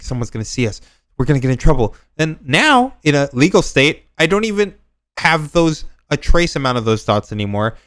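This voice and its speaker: A man co-hosting a casual reaction stream, animated and sarcastic, with frequent laughs. His voice is bright and crisp. The sound is dry and close to the mic. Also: mid-range voice, dry recording. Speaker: stream co-host.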